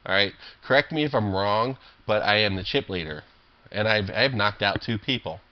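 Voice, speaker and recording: A man's voice: lowish voice, lively intonation, normal speed, highs cut off. A man commentating his own online poker games, irritable and swearing, rambling with lots of fillers and restarts. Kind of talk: profane live game commentary.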